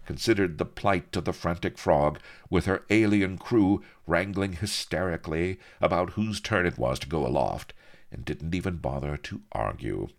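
A man narrating an adventure story in expressive scripted narration. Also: deep voice, normal speed, vocal fry. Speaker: audiobook narrator.

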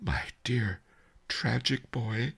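A man's voice: on the high side, big pitch swings, takes it slowly, gravelly, fairly bright tone, husky, voice pushed up, heavily acted. A man voicing a gluttonous, emotional fat merchant who whispers breathlessly and breaks into weeping. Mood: whispering.

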